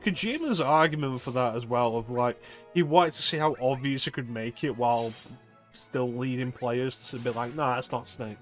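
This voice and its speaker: Man, game stream host, casual crude chat, mid-pitched voice, faint game music behind. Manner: crude, joking, reads aloud haltingly. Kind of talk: casual chat while gaming.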